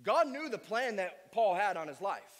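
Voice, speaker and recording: A man's voice: sits high, sing-song, normal speed, in a large hall. A male pastor preaching a sermon with emphatic delivery and strings of rhetorical questions. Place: church sanctuary.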